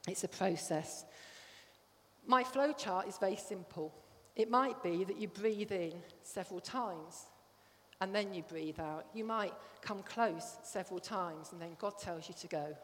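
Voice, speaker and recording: A woman's voice: medium pitch, a little slow, fairly bright tone. A woman giving a conversational sermon to a congregation, often checking that they follow. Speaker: church speaker. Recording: long hall reverb.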